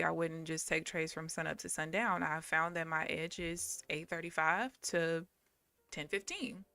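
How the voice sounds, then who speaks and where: Frustrated woman, gravelly, swearing. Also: fairly low pitch, bright, forceful tone, dry recording. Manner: blunt, swears when frustrated. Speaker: day trader live streaming. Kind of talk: casual live stream talk to viewers.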